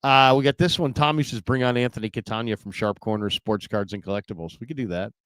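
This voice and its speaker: A man's voice: mid-range voice, fairly even intonation, quick pace, a bit bright, clean tone, no echo. Chatty man hosting a solo stream. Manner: rambling, chatty, with fillers and restarts. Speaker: podcast host. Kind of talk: solo casual livestream chat.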